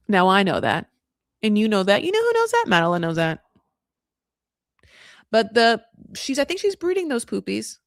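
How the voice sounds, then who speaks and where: A woman's voice: on the high side, vocal fry, no room sound. American girl dishing on reality tv, snarky and rambly, dead dry mic. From United States. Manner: chatty, sarcastic, full of asides and restarts. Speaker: show recap host. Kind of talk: casual reality TV recap.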